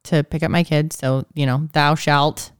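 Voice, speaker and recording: A woman in her thirties co-hosting a podcast, talking in a measured, thoughtful way with light teasing. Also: deep voice, steady tone, mellow, clear, resonant tone, dry recording, clean studio sound. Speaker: podcast co-host. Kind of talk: casual podcast chat.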